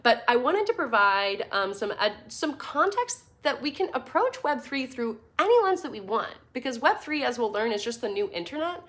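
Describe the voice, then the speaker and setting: A woman's voice: on the high side, very animated, moderate pace, few pauses, a bit bright. A woman giving a casual online class over slides, chatty and playful, with fillers and little laughs. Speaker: course teacher.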